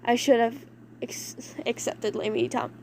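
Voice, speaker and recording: An excitable young man who pouts, teases and whines his complaints, as a woman plays him. His voice sits fairly high and bright for a guy, quick to jump up when he gets flustered. It comes from a fan audio drama reading. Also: slight background noise, lightly acted. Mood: weary. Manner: excitable, whiny, pouty. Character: flustered playful young man, teasing and pouty.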